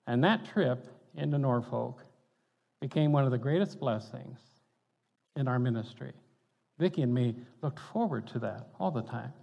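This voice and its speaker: With a gravelly, medium-pitched voice at a moderate pace, this older pastor tells stories in a folksy sermon, laughing softly between his points. The sound is dull and echoes like a hall.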